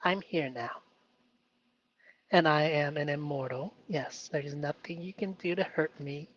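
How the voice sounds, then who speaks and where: A man hosting a live stream, talking through his feelings in an earnest, halting way with many fillers. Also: on the high side, muffled recording. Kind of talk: emotional self-reflective live stream.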